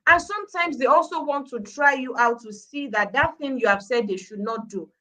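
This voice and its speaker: A middle-aged Nigerian woman talking on a live-stream show, her voice bright and forceful and pitched a little high. She presses her points hard and repeats key words for weight. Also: normal speed, rough recording. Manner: emphatic, repeating points for stress. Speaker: parenting speaker, guest.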